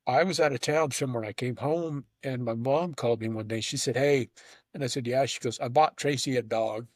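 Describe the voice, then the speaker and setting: A man's voice: mid-range voice, fairly quick, dry recording, studio quality. A man hosting a casual conversation, telling a long rambling story with frequent restarts and stammers. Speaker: host.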